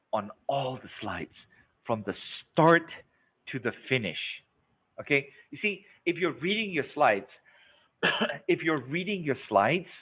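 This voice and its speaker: A man's voice: mid-range voice, breathy edge. A man leading a live sales-training webinar, emphatic and repetitive, checking in with the audience as he goes. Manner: emphatic, repeats words, checks in with "okay?" and "right?". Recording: narrow phone-like webinar audio.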